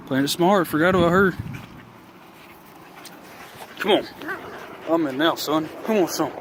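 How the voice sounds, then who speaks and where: Rowdy guy calling a dog wrestling match on his phone, voice a bit high, faint noise behind. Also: measured pace, long pauses. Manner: rowdy, cussing, excited, cheering on. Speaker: video host. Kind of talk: casual play-by-play of dogs wrestling. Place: outdoors at home with dogs. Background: dogs playing.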